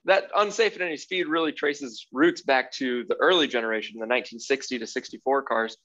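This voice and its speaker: A young man, a guest automotive writer, chatting casually on a podcast, explaining cars in a relaxed way with small laughs. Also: medium pitch, a little fast. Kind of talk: casual podcast chat over video call. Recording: muffled lo-fi call audio.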